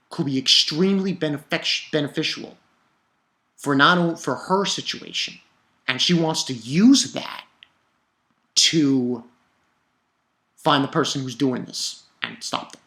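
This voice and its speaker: A man's voice: a little high, measured pace, gravelly, pauses often, sharp tone. A young man talks through his review in a loose, rambling rant. He swears often and his voice heats up as he vents. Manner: profane, rambling, heated. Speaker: manga reviewer.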